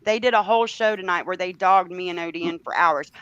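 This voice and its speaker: A man's voice: high voice, quick pace, fairly bright tone, clean tone, no echo, dull audio. A man arguing defensively and trading profane insults as a livestream guest. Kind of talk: heated argumentative chat.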